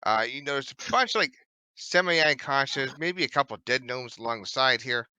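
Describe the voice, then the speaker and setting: A man's voice: medium pitch, lively intonation, moderate pace, bright, forceful tone, clean tone, dry recording. A man running a tabletop game as game master, casual and teasing, swearing offhand. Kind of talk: narrating a tabletop game over voice chat.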